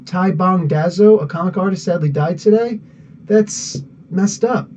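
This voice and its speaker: A man's voice: high voice, unhurried, darkish tone, a little hiss or hum. A man hosting a live podcast, chatting casually and rambling as he greets viewers by name. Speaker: podcast host. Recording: dull sound, mic somewhat distant.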